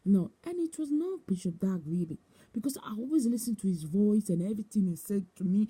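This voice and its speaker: A woman tells her personal testimony in a deep, mellow voice with a husky edge. She speaks with emotion, circles back over the same points, and acts out the voices of the people in her story. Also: animated, a little fast.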